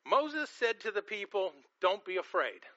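A man's voice: high voice, sing-song, measured pace, sharp tone, dry recording, dull audio. A man preaching a sermon in a conversational way, often repeating and restarting words, sometimes acting out quoted reactions. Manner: acts out quoted reactions in a changed voice.

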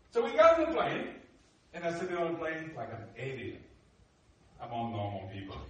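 A man from Africa telling his life story as a talk, animated and acting out the dialogue. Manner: animated, acts out dialogue with rising emphatic pitch. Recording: echoey hall from a distant mic.

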